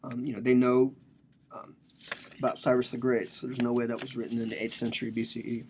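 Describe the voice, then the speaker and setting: A man's voice: mid-range voice, flat delivery, fairly quick, a little mellow, a little hiss or hum. A man giving a casual, joking lecture on a religious text, explaining it with slang and asides.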